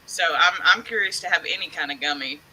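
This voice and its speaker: A woman's voice: on the low side, quick pace, sharp tone, poor audio. A woman from Texas, co-hosting a casual livestream chat over a video call, chatty and enthusiastic. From Texas, United States. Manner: chatty, enthusiastic, laughs easily. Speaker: livestream co-host.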